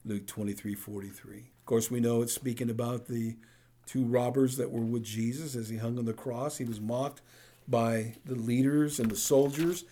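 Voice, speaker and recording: A man preaching a sermon as pastor, in a conversational way, often checking in with the congregation with a quick "right?". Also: medium pitch, fairly even intonation, dark tone.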